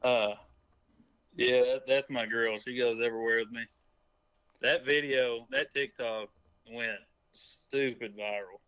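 A man's voice: mid-range voice, steady tone, a little slow, fairly bright tone, smooth, no room sound, low-quality recording. A man, chatting easily as a podcast guest. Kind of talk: casual chat.

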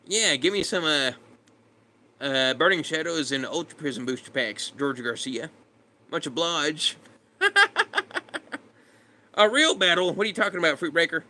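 A man's voice: a little high, animated, measured pace, long pauses, bright, forceful tone. A man casually chatting with his live stream viewers, laid-back and greeting them by name. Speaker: streamer reading chat.

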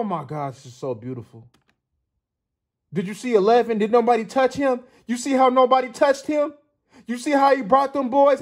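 A man hosting his own channel, giving an excited football film breakdown, laughing often and repeating his points for emphasis. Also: very high-pitched. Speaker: sports channel host.

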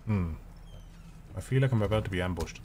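A man streams a video game with rambling, profane, jokey commentary as he plays. His voice is fairly low and warm, his pace brisk, with slight background noise behind him.

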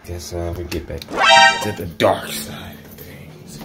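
A man's voice: low voice, fairly even intonation, slow pace, creaky, over loud music. A man vlogging in casual chat, joking and laughing often.

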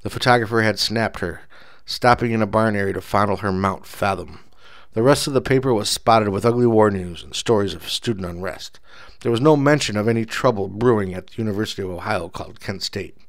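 Male audiobook narrator, dry and measured, low-key delivery. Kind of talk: audiobook narration of a first-person story.

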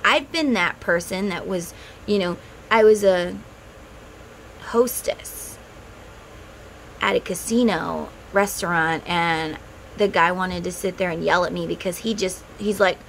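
A woman's voice: lowish voice, a little slow, creaky, long pauses, a bit bright, a little hiss or hum, low-quality recording. A middle-aged woman who runs a spiritual vlog, talking to viewers in a casual, heartfelt way. She gives earnest advice and speaks straight to the viewer. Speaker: tarot and spiritual vlogger.

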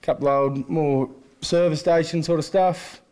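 Laid-back Australian bloke. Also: male voice, fairly high pitch, steady tone, normal speed, dark tone. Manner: laid-back, says "mate" a lot. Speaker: guest, collector. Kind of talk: casual chat.

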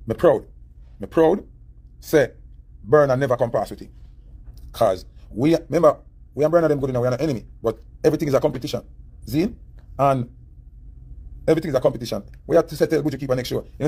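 A man's voice: medium pitch, husky. A man with a Jamaican accent giving heated, preachy commentary, repeating his points as he rants. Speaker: online commentator. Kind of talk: ranting commentary.

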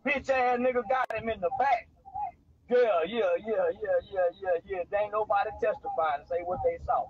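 A man in a heated, taunting live-stream rant, aggressive and profane, sometimes shouting. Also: extremely high pitch. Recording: slightly dull lo-fi phone audio with faint background noise.

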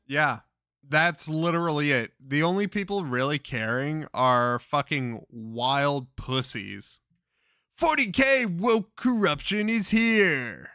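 A man's voice: on the high side, animated, slow, sharp tone, clean tone, no echo, studio quality. A young man giving crude, exasperated commentary, swearing constantly as he reacts to clips. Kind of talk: profane ranting commentary.

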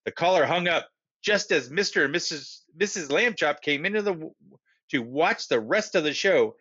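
A man reading a children's story aloud with an expressive, animated delivery, in a dull lo-fi recording. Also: a little high, normal speed.

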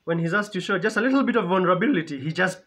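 Chatty higher-voiced male movie reactor. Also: lively intonation, rapid-fire, noisy background. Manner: chatty, repeats phrases, laughs often. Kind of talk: casual reaction commentary.

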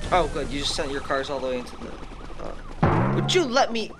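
A male gaming YouTuber giving excitable let's-play commentary, often shrieking and laughing at the game. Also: high-pitched, normal speed, noisy background. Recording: game music playing loudly behind. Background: game music and sirens.

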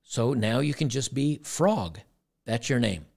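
A man with a gravelly, mid-pitched voice hosts a casual reaction commentary. He rambles and doubles back on his words, and he drops in dry, sarcastic asides as he goes. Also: expressive, measured pace, a little mellow. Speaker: commentary channel host.

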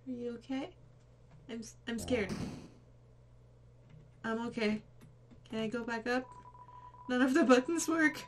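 A woman's voice: fairly high pitch, steady tone, measured pace, pauses often, slight background noise. A young woman casually commenting as she plays a game, giggling, easily spooked, and reading the on-screen text aloud. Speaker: let's play gamer.

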